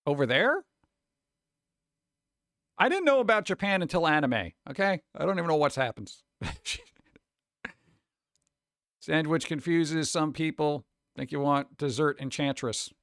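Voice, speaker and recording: A man with a New York accent hosts a casual livestream and chats with his viewers. His voice sits a little high, and his remarks are sarcastic and mock-exasperated. The sound is dry and close, with almost no room in it. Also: fairly bright tone, no echo. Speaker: streamer host. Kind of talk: casual livestream chat reacting to chat.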